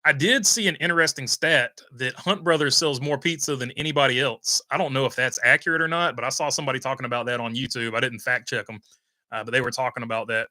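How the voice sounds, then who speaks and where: Young adult man, livestream host reading chat; bright, crisp tone, dry close-mic sound, loose and rambling. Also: medium pitch, quick pace, no room sound. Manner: rambling, many "uh" fillers, reads viewer comments aloud.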